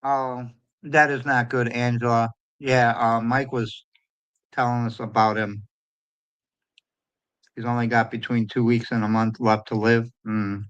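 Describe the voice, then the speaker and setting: A man's voice: mid-range voice, little pitch movement, unhurried, pauses often, smooth, muffled recording. A man hosting a livestream in casual chat, greeting and answering viewers by name. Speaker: livestream host.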